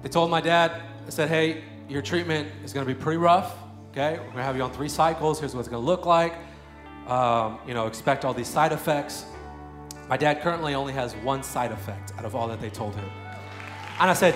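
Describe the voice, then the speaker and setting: A man's voice: mid-range voice, fairly quick. Fervent man preaching in an echoey room. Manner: swings from soft storytelling to loud fervent prayer. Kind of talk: sermon. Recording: echoey room with faint music.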